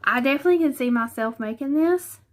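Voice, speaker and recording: Chatty Southern woman, slightly high voice. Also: expressive, quick pace. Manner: chatty, hesitant, thinking aloud. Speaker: vlogger. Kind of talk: casual unboxing chat. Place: living room.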